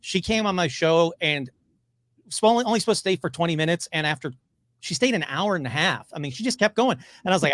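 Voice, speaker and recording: A man with a somewhat high voice talks as a guest on a podcast. He is excitable and gushing and races through his stories. The recording is dry, close and free of room sound. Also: fast, no room sound. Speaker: podcast guest, paranormal investigator. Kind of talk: casual interview chat.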